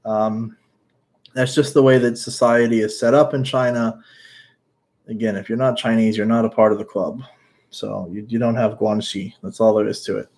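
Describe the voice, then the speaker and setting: A man's voice: fairly low pitch, level tone, moderate pace, darkish tone. Blunt man chatting live. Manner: blunt and outspoken, swears casually. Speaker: YouTuber answering live chat. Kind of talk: casual livestream chat.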